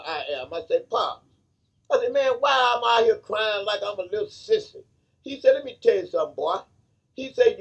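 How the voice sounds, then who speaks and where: A man's voice: sits high, fairly bright tone, slightly rough, distant mic, rough recording. A man who founded a charity association, speaking in a fervent, repetitive, preacher-like monologue.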